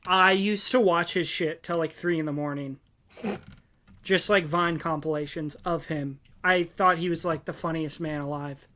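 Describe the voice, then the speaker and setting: A young man co-hosting a podcast, chatting casually and excitedly, rambling off on tangents with lots of fillers. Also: fairly high pitch, normal speed. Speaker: podcast co-host. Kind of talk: casual chat.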